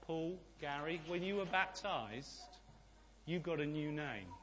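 Male pastor, sermon, slow emphatic delivery, hushed to shouting, high voice. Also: expressive. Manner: preaching with dramatic swings from hushed to shouted.

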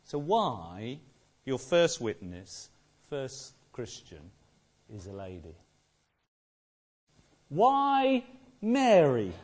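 A man preaching an Easter sermon, asking rhetorical questions and repeating key phrases, swinging between loud and soft. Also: on the low side, sing-song, slow.

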